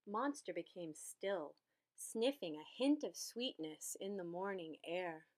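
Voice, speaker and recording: A woman reads a children's picture book aloud, taking her time over every line. Her pitch swings up and down with lots of expression. It sounds like a patient storyteller at bedtime. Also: lively intonation, slow.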